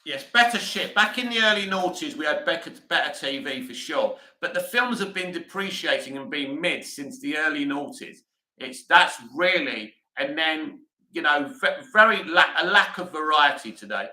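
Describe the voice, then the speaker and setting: A man's voice: fairly high pitch, lively intonation, normal speed, bright, forceful tone, reverberant, poor audio. A British man hosting a live stream, reading comments aloud and answering them bluntly in casual chat.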